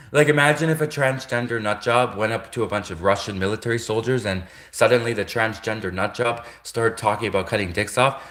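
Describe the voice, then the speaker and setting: A man's voice: fairly low pitch, fairly even intonation, a little fast, fairly bright tone. A man ranting on a casual livestream, rambling and repeating himself, with frequent restarts and chuckles, in an echoey room. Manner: rambling, repetitive, with frequent self-corrections and chuckles. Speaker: livestream host.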